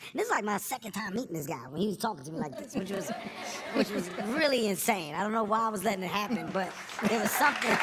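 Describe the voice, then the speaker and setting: A man telling candid stories in an interview as a comedian guest, earnest and animated, at a live event before an audience. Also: high-pitched, heavy background noise.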